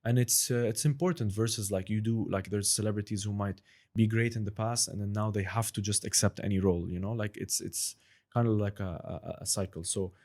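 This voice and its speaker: Lower-pitched man, guest in a loose, rambling chat. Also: a little fast. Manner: rambling, many restarts, lively when demonstrating. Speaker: podcast host, guest. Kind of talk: casual interview chat.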